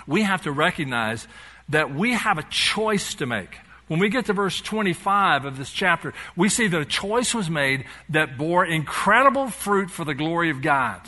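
A man's voice: a little high, expressive, normal speed, bright, forceful tone. A male pastor preaching a sermon, animatedly retelling a story and acting out its dialogue.

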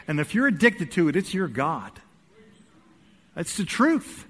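A male pastor preaching a sermon in a church, swinging between loud urging and quiet asides. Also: on the high side, sing-song, normal speed, slightly rough. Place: church sanctuary. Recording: echoey hall.

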